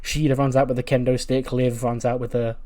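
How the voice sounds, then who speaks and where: A man's voice: mid-range voice, little pitch movement, brisk, warm tone. A man casually narrating a wrestling management game playthrough, chatty and laughing at his own jokes. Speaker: game commentator.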